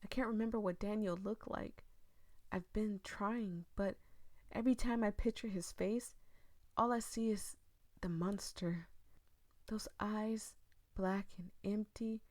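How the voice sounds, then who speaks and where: A woman voicing an elderly, grieving mother in a horror game, reading in a hushed, intense way that drops into whispers. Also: mid-range voice, steady tone, measured pace, pauses often, no echo, pitched above the performer's own voice, natural voice. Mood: haunted, despairing. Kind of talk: dramatic reading of game text.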